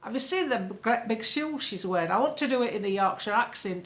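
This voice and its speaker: A woman's voice: fairly high pitch, lively intonation, a little fast, few pauses. An older woman from the UK giving a casual, rambling political monologue to her followers, laughing often between points. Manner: chatty, laughing, rambling asides. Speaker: political commentator. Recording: echoey room.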